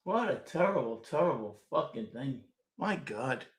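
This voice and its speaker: A man in his sixties with a New York accent, hosting a fan postgame show, ranting bluntly and profanely and often shouting while he answers viewers' chat. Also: medium pitch, big pitch swings, measured pace. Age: 60s.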